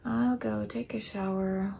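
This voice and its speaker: A weary woman keeping a late-night video diary at home, talking softly and often dropping into a whisper. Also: mid-range voice, steady tone, slow, gravelly, a little hiss or hum. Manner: soft, tired, often drops to a whisper. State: weary, low on energy.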